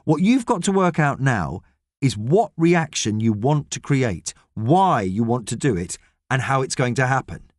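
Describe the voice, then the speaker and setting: A man voicing a gruff, grumpy middle-aged astronaut, stern and lecturing in an audiobook. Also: mid-range voice, big pitch swings, unhurried, no room sound, clean studio sound. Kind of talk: audiobook character reading.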